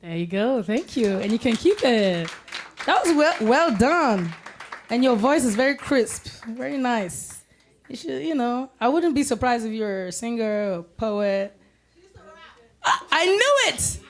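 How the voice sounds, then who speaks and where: A woman's voice: a little high, sing-song, unhurried, slight background noise. A woman hosting a live poetry event, teasing the audience and laughing often. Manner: playful, teasing, chanting call-outs, laughing often. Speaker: event host. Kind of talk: lively emcee banter at a poetry event.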